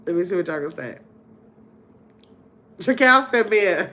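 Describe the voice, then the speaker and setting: A woman's voice: on the low side, lively intonation, unhurried, sharp tone, a little hiss or hum. A middle-aged woman hosting a casual livestream game night, reading viewer comments aloud and chatting with a laugh. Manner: chatty, laughs often, talks straight to viewers. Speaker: livestream host.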